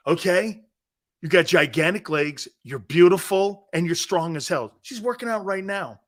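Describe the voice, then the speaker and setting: A middle-aged man tells a family story on his sports talk show. His voice sits a little high and swings widely in pitch. He gets excitable, acting out the quotes and breaking into loud laughs. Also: unhurried.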